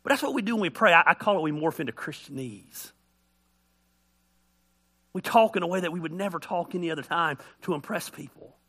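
A middle-aged man preaching a folksy, joking sermon as a pastor, acting out voices as he tells stories. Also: a little high. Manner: animated storytelling, acts out voices.

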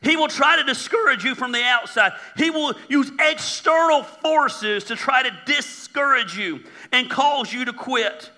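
Man, pastor, sermon, very bright tone, long hall reverb, joking asides. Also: very high-pitched, a little slow, few pauses. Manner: conversational and joking, with mocking asides. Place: church auditorium.

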